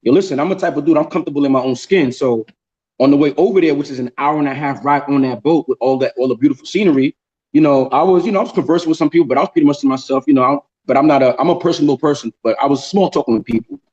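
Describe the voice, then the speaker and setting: A man hosting a casual group chat on a video call, telling a story in an animated way and often repeating words. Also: a little high, rapid-fire, muffled recording. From New York. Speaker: show host.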